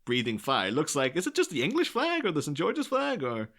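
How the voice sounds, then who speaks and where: A man's voice: a little high, wildly swooping pitch, fairly quick, a bit bright. A man co-hosting a podcast in casual film-discussion chat, rambling and laughing often. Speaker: podcast co-host.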